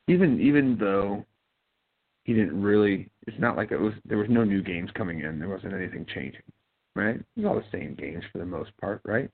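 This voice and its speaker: A husky man with a lowish voice and vocal fry hosts a casual Ohio-based talk-show podcast. He mumbles and rambles, leaning on fillers and restarting often, and the recording has a tinny, phone-like tone.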